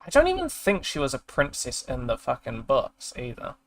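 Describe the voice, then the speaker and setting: Here a streamer with a mid-range voice and wildly swooping pitch talks at normal speed. Casually chatting, he reads a review aloud, swearing and ranting in exasperation, then trails off mid-sentence.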